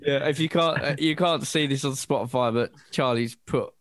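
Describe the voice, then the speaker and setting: A man co-hosting a podcast in casual chat, joking with quick comebacks. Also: mid-range voice, background noise. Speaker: podcast co-host.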